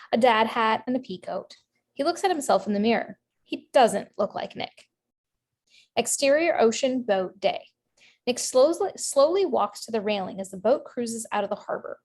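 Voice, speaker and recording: Woman reading stage directions, brisk. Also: a little high, a little mellow. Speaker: narrator reading action lines.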